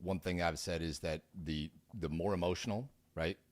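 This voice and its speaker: A man's voice: sits low, fairly even intonation, normal speed, no echo. A man co-hosting a casual podcast, prompting the talk with questions and points. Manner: prompting, steers the conversation with questions. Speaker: podcast co-host.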